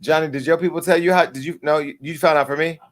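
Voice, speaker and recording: A man in his forties hosting a live talk show, telling a story in a casual, profane way and acting out the dialogue with lively jumps in pitch. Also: quick pace. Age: 40s. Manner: animated, acts out quoted dialogue with pitch jumps.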